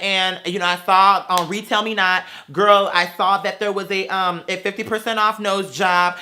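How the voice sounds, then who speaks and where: A vlogger with a high, pushed, bright voice tells a profane storytime, ranting about a stranger. He's an adult man with kids, sassy and brash, cursing constantly, calling people "girl," and theatrically mocking others in put-on voices.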